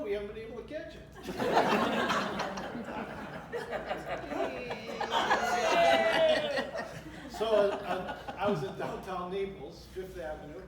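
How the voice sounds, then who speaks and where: A man's voice: sits high, very animated, takes it slowly, pauses often, recorded from a distance, heavy background noise. An older man doing stand-up at a club event, telling jokes, laughing at his own punchlines and bantering with the audience. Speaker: stand-up comedian. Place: club function room with a live audience. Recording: echoey room recorded from afar, crowd laughter.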